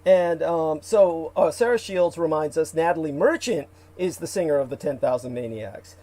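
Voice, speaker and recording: A man hosts a casual livestream, rambling with many fillers and restarts while reading out viewer comments. His voice is fairly high and warm, at a normal speed.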